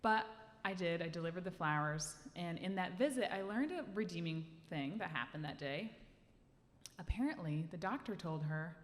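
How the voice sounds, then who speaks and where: A woman telling a personal story live on stage into a handheld mic, animated and acting out the scene for the audience. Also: fairly low pitch, moderate pace. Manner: lively, animated, acts out the scene. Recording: live hall reverb, faint room noise.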